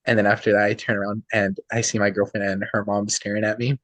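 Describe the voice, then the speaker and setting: A man's voice: fairly low pitch, flat delivery, quick pace, a bit bright, dry recording, low-quality recording. A young man telling a long, rambling anecdote full of quoted dialogue, joining a casual podcast by video call. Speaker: podcast co-host. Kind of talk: casual chat.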